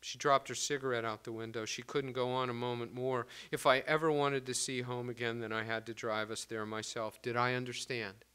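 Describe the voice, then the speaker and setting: A man reading his own prose and poetry aloud to an audience. His voice is bright and clear, smooth and resonant. He shifts between careful, expressive reading and relaxed, casual asides. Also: medium pitch, a little fast, hardly any pauses. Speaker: poet giving a reading.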